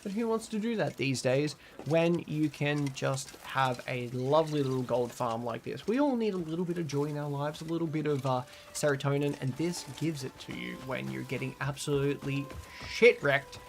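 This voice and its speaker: Gravelly Australian man streaming a game. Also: on the high side, normal speed, hardly any pauses. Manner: chatty and swearing, reading out chat. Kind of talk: casual live-stream gameplay chat.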